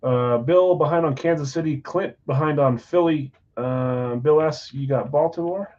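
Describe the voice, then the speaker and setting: A man's voice: a little high, moderate pace, darkish tone, highs cut off. Chatty man rattling off names. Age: adult, married. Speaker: card break host. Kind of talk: casual live-stream chat. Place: basement card room.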